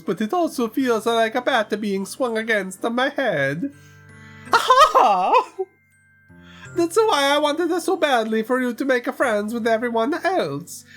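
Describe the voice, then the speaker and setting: A woman's voice: on the high side, fairly bright tone, heavily acted. Woman voicing Sayori, a teary teen schoolgirl. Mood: sad. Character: cheerful teenage schoolgirl hiding deep sadness.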